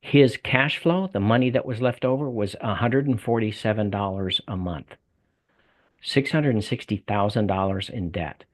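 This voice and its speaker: A man's voice: lowish voice, moderate pace. An older man with a Southern US accent, a guest in a conversational interview, talking in a folksy way with repeated words and restarts. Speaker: guest, debt coaching salesman.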